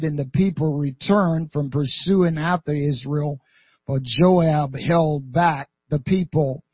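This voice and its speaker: Man, scripture reading, slow, husky, dry dull recording. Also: on the high side, no room sound. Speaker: scripture reader.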